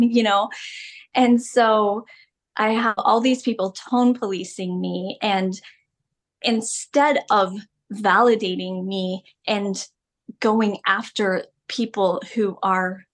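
A middle-aged woman speaks as a podcast guest, telling her own story in candid, emphatic terms. Her voice sits in a middle pitch range, and she laughs often as she talks. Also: steady tone, measured pace. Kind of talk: personal storytelling interview.

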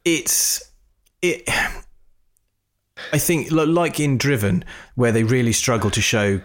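A man co-hosting a podcast, chatting casually about a film and breaking into animated, high-pitched mock reactions. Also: slow pace. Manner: animated, mimics reactions in raised voice. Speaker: podcast co-host. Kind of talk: casual film review chat.

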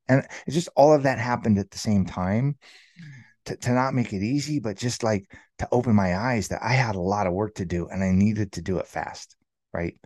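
A man in his thirties with a lowish voice, recorded dry and close. He tells his own story in a rambling way, leaning on fillers like "like" and "you know". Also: moderate pace, darkish tone, no echo. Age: 30s. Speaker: interview guest. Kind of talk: candid personal storytelling.

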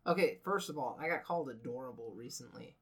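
Animated, swearing male co-host. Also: mid-range voice, fast. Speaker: podcast co-host. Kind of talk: casual chat.

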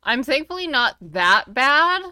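A woman's voice: high-pitched, sing-song, a little slow, pushed and bright, clear, resonant tone, no room sound. A woman co-hosting a casual podcast, chatty and blunt, laughing easily and swearing. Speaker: co-host and streamer.

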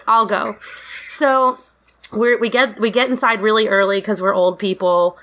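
A middle-aged woman casually telling a profane, animated story about a fight at a concert. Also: a little high, moderate pace. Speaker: guest storyteller.

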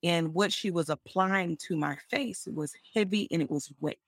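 A woman hosting an interview, candidly sharing a personal story in a relaxed way. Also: fairly low pitch, normal speed, no room sound, clean studio sound. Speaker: interview host. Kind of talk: casual personal conversation.

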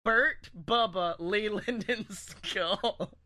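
A man's voice: high voice, very slow, sharp tone. A man from Alabama, co-hosting a comedy podcast in crude, profane banter and laughing often. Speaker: podcast co-host.

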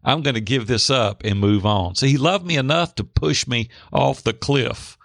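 A middle-aged man telling a personal story in an interview, lively, acting out the voices of the people in it. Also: mid-range voice, moderate pace, gravelly, no room sound, studio quality. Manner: animated, acts out quoted voices. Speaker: guest. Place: Hendersonville near Nashville.

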